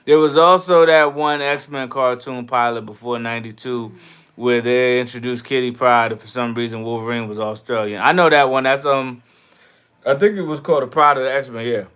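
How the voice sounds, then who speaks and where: A man hosting a casual livestream, reading chat and riffing loudly with profane jokes, from New York. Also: medium pitch, steady tone, normal speed, smooth. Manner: loud, profane, laughing riffs.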